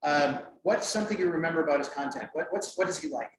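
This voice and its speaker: A middle-aged man presenting at a conference, lively and joking as he quizzes the audience. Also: fairly high pitch, fast. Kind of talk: interactive workshop talk. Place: conference room. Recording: echoey room, mic far off, faint noise.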